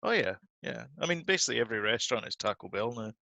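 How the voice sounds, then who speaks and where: A man's voice: mid-range voice, expressive, racing, creaky, bright, forceful tone, no room sound, muffled recording. A man co-hosting a podcast, chatting casually and laughing easily. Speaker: podcast co-host. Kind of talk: casual chat.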